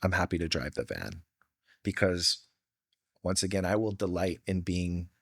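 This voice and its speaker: A man's voice: low-pitched, expressive, moderate pace, gravelly, husky, no echo, studio quality. A middle-aged man from Hawaii, a podcast guest telling personal stories in an earnest, heartfelt way with casual slang. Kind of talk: candid storytelling.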